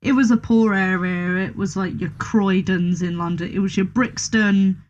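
A woman's voice: mid-range voice, steady tone, normal speed, lo-fi sound. A woman with a mid-range voice chimes in on a casual podcast. Her remarks are blunt and offhand. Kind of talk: casual chat about a horror film.

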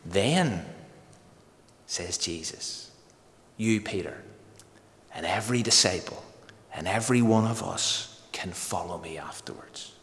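A man preaching a sermon with emphatic delivery, slowing to drawn-out phrases for stress. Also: low-pitched, lively intonation, fairly bright tone, long reverb tail. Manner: emphatic, varied pace with slow dramatic pauses.

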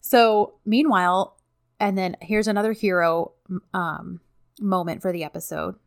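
A woman's voice: medium pitch, fairly even intonation, creaky, clean tone, no echo, clean studio sound. A woman co-hosting a casual chat recap of a TV drama, chatty and full of fillers. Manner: chatty, quick fillers like "you know" and "like". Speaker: podcast co-host.

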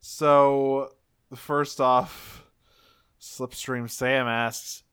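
A man co-hosting a podcast in relaxed casual chat, his voice bright and forceful. He recaps with easy laughs and acts out quotes. The tone is clear and crisp. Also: mid-range voice, drawn-out words. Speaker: podcast co-host.

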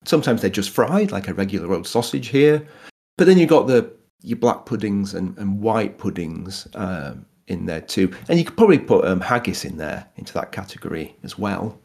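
A man's voice: lowish voice, big pitch swings, moderate pace, vocal fry, a little mellow. A man from Yorkshire with a Yorkshire accent, chatting casually about food history, laughing often and restarting his sentences. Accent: Yorkshire English. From Yorkshire, England. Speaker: guest explaining food history. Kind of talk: casual conversational explanation.

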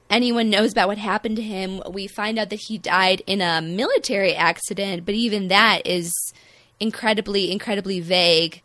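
A young woman from the American Midwest with a Midwestern accent, co-hosting a casual podcast in a chatty, self-deprecating, animated way. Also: mid-range voice, no room sound. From Midwestern United States. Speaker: podcast co-host.

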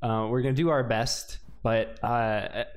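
A man's voice: medium pitch, steady tone, unhurried, lightly acted. A man voicing a folksy priest with a put-on Texan accent, drawling and reassuring. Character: folksy middle-aged male priest.

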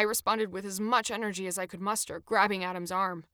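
A woman reading her own first-person travel memoir with expressive, animated storytelling. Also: mid-range voice, a little fast, few pauses, clear, resonant tone, dry recording, clean studio sound. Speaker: narrator.

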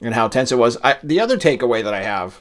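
A man's voice: medium pitch, sing-song, quick pace. Chatty man from Massachusetts, rambling. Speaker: podcast co-host. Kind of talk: casual chat.

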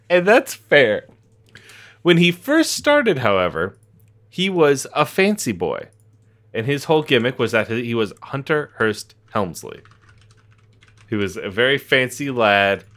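Lively bright-voiced man, laughing and swearing. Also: medium pitch, takes it slowly, long pauses. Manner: profane, laughing, animated storytelling. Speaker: podcast co-host. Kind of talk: casual comedic chat.

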